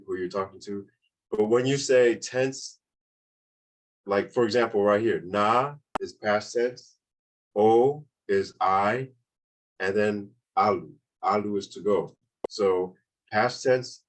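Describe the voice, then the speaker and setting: The recording is rough, and the teacher's voice sits fairly low. He's a man giving a casual online grammar lesson to beginners, often restating things and pausing to ask "okay?"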